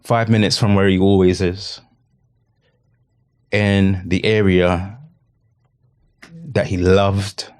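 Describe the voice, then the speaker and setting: Man, middle-aged, lowish voice, earnest, halting, restarts phrases, heartfelt storytelling. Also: flat delivery, darkish tone, smooth. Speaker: podcast guest. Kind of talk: emotional personal storytelling.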